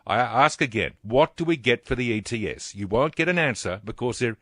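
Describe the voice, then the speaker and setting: An Australian man hosting talk radio, blunt and indignant in his commentary. His voice sits at a middle pitch, recorded close and dry in the studio with no room sound. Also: expressive, a little fast, a bit bright, no room sound.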